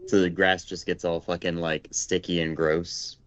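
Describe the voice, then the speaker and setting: A man's voice: low voice, little pitch movement, normal speed, muffled recording. A man co-hosting a podcast, throwing in crude joking asides during casual banter. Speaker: podcast co-host.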